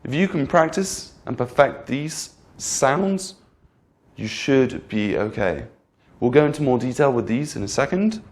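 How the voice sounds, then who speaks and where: A man teaching English pronunciation in a clear, patient lesson, repeating example words and checking in with the learner. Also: medium pitch, very animated, measured pace, a little mellow. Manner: patient, repeats each example word twice; addresses the learner directly with frequent "okay?". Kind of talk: slow, clear instructional lesson.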